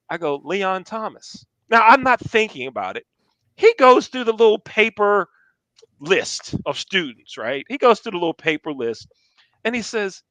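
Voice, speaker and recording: A man's voice: high-pitched, moderate pace, dry recording. An older man casually telling stories from his youth, acting out the people he quotes. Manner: animated storyteller acting out quotes. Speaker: storyteller guest.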